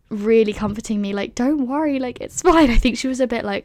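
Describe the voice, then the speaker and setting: A woman's voice: fairly high pitch, brisk, hardly any pauses, a little mellow, no room sound. Chatty young British woman, dry sound. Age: 20s. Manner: chatty, lots of "like", laughs often. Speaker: vlogger. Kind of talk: casual storytelling.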